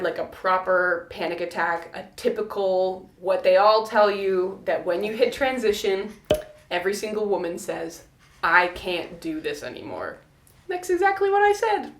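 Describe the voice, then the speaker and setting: Young woman telling a lively story. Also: mid-range voice. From North America. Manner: animated, acts out quoted voices. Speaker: vlogger. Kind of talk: casual storytelling to camera. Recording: roomy echo.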